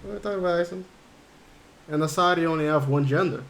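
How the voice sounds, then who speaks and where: A game streamer with a fairly high, gravelly voice talks fast while he plays. He chats casually and rambles, thinking aloud as he reads his chat.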